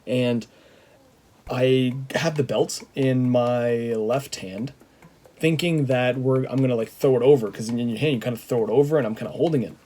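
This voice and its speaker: A slightly hoarse man telling a story in a casual, rambling way, with many "like" fillers. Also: medium pitch, moderate pace, warm tone. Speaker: vlogger.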